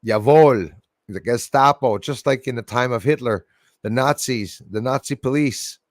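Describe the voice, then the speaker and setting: A man's voice: mid-range voice, normal speed, no echo, clean studio sound. A middle-aged man, hosting a livestream and chatting casually through viewer comments, rambling and laughing often. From Canada. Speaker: livestream host.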